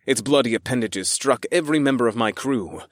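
A man's voice: medium pitch, a little fast, dry recording. Man narrating a fantasy audiobook, dry sound.

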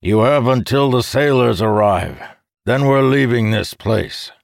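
A man's voice: mid-range voice, a little slow, gravelly, no room sound, clean studio sound, voice pushed up. A man voicing a curt, commanding old male soldier. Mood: gruff.

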